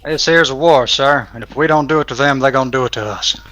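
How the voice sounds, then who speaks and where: A man's voice: mid-range voice, fast, sharp tone, no echo, natural voice. A man voicing a blunt, grim Union army officer with a West Virginian drawl.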